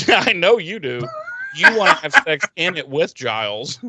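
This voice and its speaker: A man co-hosting a podcast who recaps a TV episode in casual, profane talk, laughing often and getting animated. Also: a little high, measured pace, very noisy. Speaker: podcast co-host.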